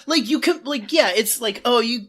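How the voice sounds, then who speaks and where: A woman's voice: a little high, expressive, normal speed. A woman co-hosting a comedy podcast, rambling sarcastically with lots of filler words. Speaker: podcast co-host. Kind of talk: casual comedy podcast chat.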